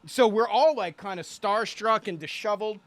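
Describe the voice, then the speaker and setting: Young male storyteller, high and bright, profane, laughs through his anecdote. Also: moderate pace, no echo. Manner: swears freely, acts out quotes, laughs while telling. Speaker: guest storyteller, singer and producer. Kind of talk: animated anecdote telling.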